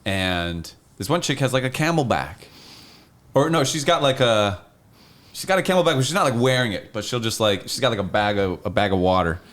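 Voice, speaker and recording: A man hosting a casual chat, relaxed and easy, asking questions and telling his own story. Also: fairly low pitch, a little fast.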